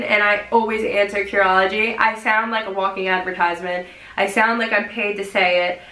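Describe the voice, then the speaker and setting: A young adult woman chatting casually in a vlog, expressive and full of "like" fillers. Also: medium pitch, reverberant, rough recording. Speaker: vlogger.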